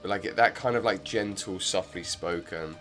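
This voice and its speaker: A low-voiced man streams a game at a normal pace, his tone a bit bright over soft background music. He chats casually through the gameplay, rambling and using plenty of filler words.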